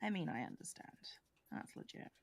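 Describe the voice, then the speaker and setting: A British woman chatting casually on a livestream in a dry, matter-of-fact way. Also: fairly quick.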